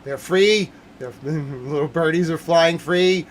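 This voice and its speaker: A man hosting a livestream news commentary, hoarse from yelling, ranting loudly and repetitively, swinging between shouts and mutters. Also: a little high, takes it slowly, slight background noise.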